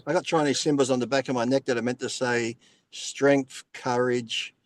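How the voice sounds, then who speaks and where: A middle-aged man with an Australian accent chats on a podcast in a loose, crude way. He jokes with swearing and laughs often through his stories. His voice sits in a middle pitch. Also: steady tone, moderate pace, no echo. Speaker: podcast guest, bodybuilder. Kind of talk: casual podcast chat.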